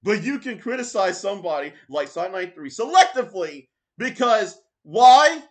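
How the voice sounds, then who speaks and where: A man's voice: sits high, lively intonation, quick pace, fairly bright tone. A man giving a sarcastic, mocking reaction commentary, swearing and mimicking the voices of others. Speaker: commentary YouTuber.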